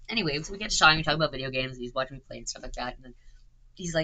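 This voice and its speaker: A woman's voice: sits low, rapid-fire, pushed and bright, rough recording. A woman, rambling on stream in casual chat, swearing and filling gaps with "like" and "um". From Canada. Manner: chatty, swears a lot, filler-heavy.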